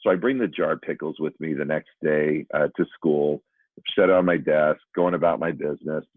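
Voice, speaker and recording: A former school principal telling a candid, self-deprecating story to educators. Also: male voice, rumbling low, moderate pace, no room sound. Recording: dry, phone-like narrow sound.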